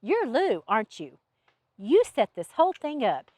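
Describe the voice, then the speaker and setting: A woman's voice: fairly high pitch, huge pitch swings, a little slow, darkish tone, no echo, exaggerated voice. A woman voicing Alex, a wary, heartbroken young innkeeper who speaks in a curt, suspicious way.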